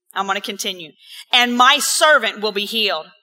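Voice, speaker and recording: A woman pastor giving an earnest, encouraging sermon in an empty auditorium, reading scripture slowly and repeating key words for emphasis. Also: mid-range voice, sharp tone.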